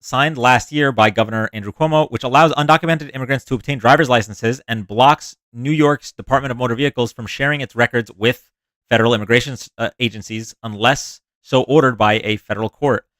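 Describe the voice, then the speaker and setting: A man's voice: medium pitch, a little fast, fairly bright tone, no room sound. A man hosting a live stream, reading news stories aloud and mocking the quotes with sarcastic asides. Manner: sarcastic, reads quotes then mocks them. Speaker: livestream host reading news.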